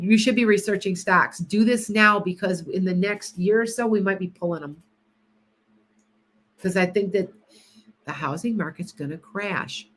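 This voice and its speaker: A woman hosting a casual psychic livestream, chatting with viewers by name and often restarting her sentences. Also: medium pitch.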